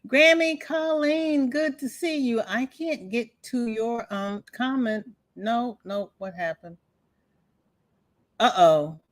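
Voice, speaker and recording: A woman hosting a crochet livestream, chatting casually and greeting viewers by name, with folksy exclamations. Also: a little high.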